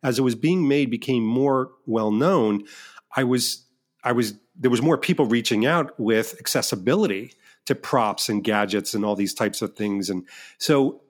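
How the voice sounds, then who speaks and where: A middle-aged man, a filmmaker guest in a casual interview, telling stories in an animated, self-deprecating way with many restarts. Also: mid-range voice, moderate pace.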